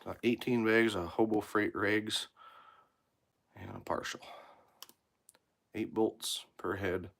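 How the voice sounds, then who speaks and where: A man's voice: fairly low pitch, a bit bright. A man, a mechanic in his workshop, chatting casually on a live stream, reading viewer comments aloud and swearing freely as he rambles about tools. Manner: blunt, swears freely, rambling shop talk. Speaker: mechanic livestreaming from his shop.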